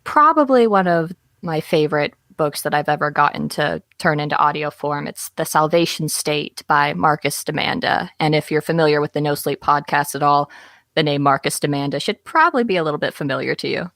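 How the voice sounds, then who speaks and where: A young woman in her twenties chats as a guest, bubbly and quick to poke fun at herself. Her voice sits a little low for a woman. The recording is dry and close. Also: a bit bright, dry recording. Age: 20s. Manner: bubbly, self-deprecating, laughs easily. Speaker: voice actor guest. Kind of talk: casual interview chat.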